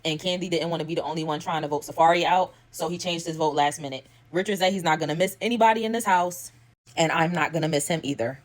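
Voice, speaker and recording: Sassy, fast, lower-voiced woman for a casual TV recap. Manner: sassy, chatty, quick asides and laughs. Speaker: reality TV recapper.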